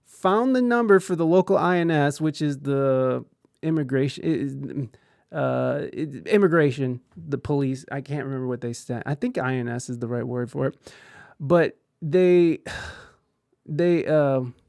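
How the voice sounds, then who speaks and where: With a medium-pitched voice that's gravelly, smooth, and a little mellow, a podcast host speaks a little slowly while telling a candid personal story, laughing often and swearing freely. It's studio quality with no echo.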